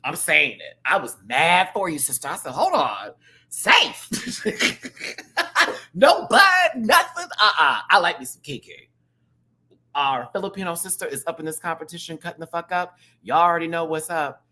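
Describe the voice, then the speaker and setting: A man reviewing a reality show in an excited, casual rant, full of slang and profanity, jumping between loud outbursts and low asides. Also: fairly quick. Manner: playful drag slang, profanity.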